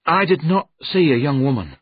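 A man's voice: fairly high pitch, big pitch swings, moderate pace, slightly rough, no room sound, voice pushed up. A man voicing a timid, frightened little old man who speaks nervously and with strain. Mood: startled. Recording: narrow phone-like audio.

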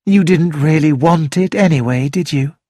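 A man voicing a calm, tactful hostess in a read-aloud story. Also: on the high side, normal speed, no room sound, studio quality, lightly acted. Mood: gentle.

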